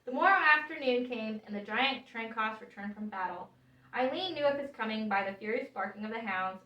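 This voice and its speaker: Woman reading a fairy tale aloud. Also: fairly high pitch. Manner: expressive, measured storytelling. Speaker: storyteller. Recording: echoey room, voice from far off.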